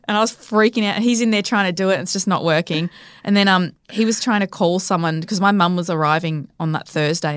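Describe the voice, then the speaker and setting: A woman's voice: on the low side, clear, resonant tone, no echo. Woman telling a vivid story. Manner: vivid, breathless retelling that acts out quotes. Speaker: podcast guest. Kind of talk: casual storytelling interview. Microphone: studio podcast microphone.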